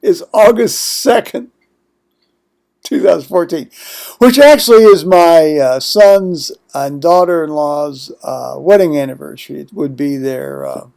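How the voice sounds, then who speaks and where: A man's voice: on the high side, expressive, a little slow, gravelly, a little mellow. An older man vlogging at home in a rambling monologue, digressing often with blunt, profane asides.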